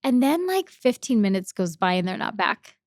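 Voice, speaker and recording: A young woman with a slightly high, bright voice tells a personal story as a podcast guest. She talks in an emotional, halting way and repeats her words. The sound is dry and close, with no room echo. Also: sing-song.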